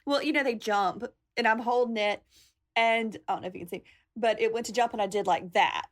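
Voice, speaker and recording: A woman's voice: mid-range voice, fairly even intonation, brisk. A woman hosting a podcast, chatting casually and enthusiastically about animals. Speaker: podcast host. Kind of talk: casual chat.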